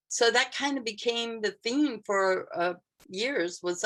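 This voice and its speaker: A woman's voice: on the high side, unhurried, fairly bright tone. An older woman telling a candid personal story, with a frank, self-deprecating manner.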